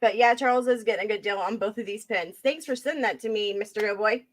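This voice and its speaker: A woman's voice: fairly high pitch, fast. Chatty woman running a live auction. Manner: chatty, talks to chat viewers by name while handling items. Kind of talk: casual live-stream auction chat.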